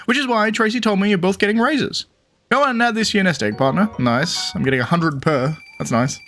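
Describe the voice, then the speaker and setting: A man's voice: high voice, brisk, fairly bright tone, faint music behind. A man voicing an eager male bird reporter in a game, friendly and jumpy, who keeps calling the listener partner. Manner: upbeat, calls listener partner.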